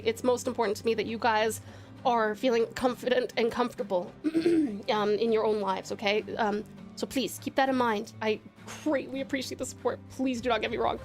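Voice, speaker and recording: An Australian woman from Tasmania streaming live, chatting casually and affectionately, giggling and calling her viewers darling and sweetheart. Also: a little high. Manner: affectionate, giggly, calls viewers pet names.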